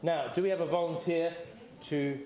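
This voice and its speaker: A man's voice: on the high side, fairly even intonation, moderate pace, dark tone. A man leading a group seder, chatty and encouraging, with light jokes as he guides the room through it. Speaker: seder leader. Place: community hall or synagogue. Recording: echoey room.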